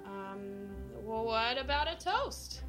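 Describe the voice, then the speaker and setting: A woman playing a flustered reporter in an audio drama, with a slow, hesitant delivery. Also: on the high side, animated, a bit bright, faint music behind.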